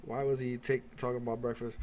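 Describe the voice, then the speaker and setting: A man's voice: mid-range voice, level tone, a little fast, darkish tone. A man streaming a heated, sarcastic reaction rant, swearing constantly as he mocks what he watches.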